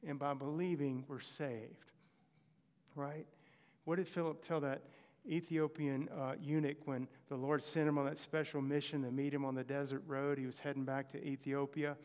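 A man's voice: medium pitch, level tone, normal speed, darkish tone, long reverb tail. A man preaching a sermon, telling Bible stories and acting out short exchanges between characters.

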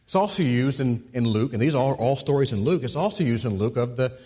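Husky-voiced pastor preaching in a reverberant hall. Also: male voice, animated, brisk. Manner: repeats words while building to a point, drops low and soft on key phrases. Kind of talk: sermon.

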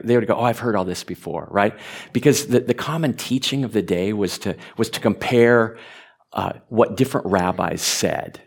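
A man preaching a sermon, animated, stumbling over repeated words and rising to emphatic peaks. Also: on the low side. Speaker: pastor.

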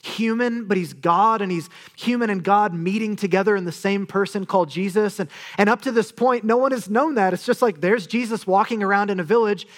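A young man preaching a sermon, animated and conversational, dropping to a low hushed voice for emphasis. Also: fairly quick, few pauses. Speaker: pastor.

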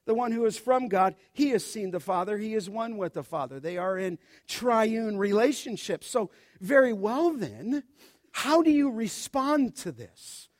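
Male pastor, high-pitched, emphatic sermon delivery, close dry recording. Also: no room sound. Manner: emphatic, addresses listeners directly. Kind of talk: expository sermon.

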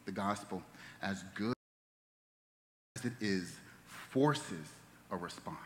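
Pastor preaching in a reverberant hall. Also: male voice, low voice, animated, takes it slowly, pauses often, slight background noise. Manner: storytelling, drops to soft hushed tones at tender moments. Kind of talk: sermon. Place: church sanctuary. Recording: long reverb of a church hall.

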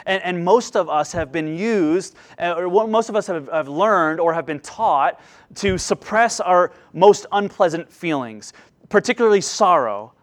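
A man's voice: high-pitched, lively intonation, a little slow. Earnest man preaching, voice rising and dropping. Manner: earnest, rising and falling delivery with frequent restarts. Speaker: pastor. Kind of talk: sermon.

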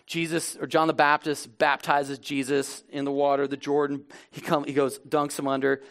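Male pastor, sermon, impassioned, loud then hushed, slightly high, gravelly edge. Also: level tone, moderate pace. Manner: impassioned, swings between loud emphatic lines and low intimate asides. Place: church.

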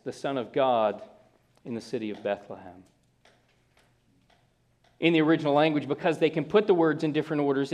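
A man preaching a sermon from the pulpit, his voice sitting a little high for a man. He lingers on important words and drops into slow, weighty phrasing, with the odd restart as he explains. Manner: slow emphatic phrasing with pauses, small restarts. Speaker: pastor.

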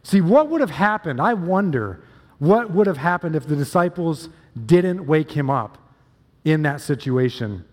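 Pastor preaching in a reverberant hall. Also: male voice, a little high, big pitch swings, measured pace. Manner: storytelling, emphatic with repeated phrases. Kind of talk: sermon.

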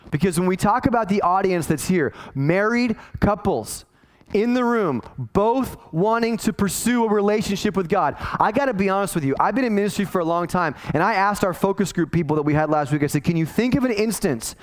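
Pastor guy preaching casual-style, voice sits pretty high, lots of restarts. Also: expressive, fairly quick. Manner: conversational preaching with many restarts and acted quotes. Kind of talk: sermon.

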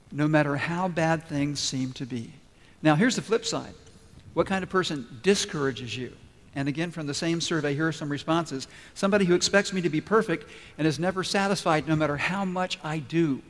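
Man preaching in a reverberant church. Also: a little high. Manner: illustrates points with stories and acted-out voices. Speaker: pastor. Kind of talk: sermon. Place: church sanctuary. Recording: long reverb of a church hall.

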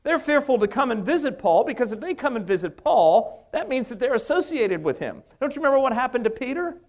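A man's voice: extremely high pitch, big pitch swings, brisk. A middle-aged male pastor preaching a sermon, emphatic, with many rhetorical questions.

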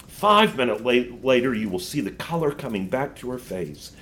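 A man's voice: mid-range voice, very animated, normal speed, a bit bright, slight background noise. A man reading a storybook aloud and voicing a scheming female witch who coaxes and scorns a boy. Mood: coaxing.

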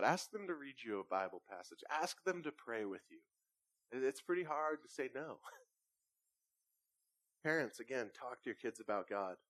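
A man in his thirties preaches a sermon in an easy, conversational way, slipping into animated stories from home. His voice sits at a middle pitch, and the room sounds dry and close. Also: no echo. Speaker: pastor.

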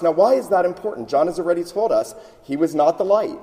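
A man delivers a sermon in a mellow, slightly high voice. He speaks emphatically and restarts phrases as he builds each point. A long reverb hangs around him, like a large sanctuary. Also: a little fast. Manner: emphatic, repeats words while building points. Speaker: pastor.

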